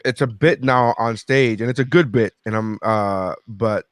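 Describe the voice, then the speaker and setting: A man's voice: medium pitch, a little slow, no room sound. Profane storytelling man, dry sound. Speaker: podcast host and comedian. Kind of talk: casual podcast chat.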